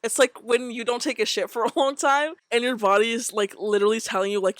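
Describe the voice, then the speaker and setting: A woman's voice: fairly high pitch, fairly even intonation, fast talker, few pauses, no echo. A young woman in her twenties tells a personal story straight to camera. Her delivery is loose and rambling, packed with "like" and broken by laughs. The sound is dry and close to the mic. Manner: rambling, heavy use of filler "like", frequent laughs. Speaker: vlogger. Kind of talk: casual storytelling. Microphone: decent USB mic on tripod setup.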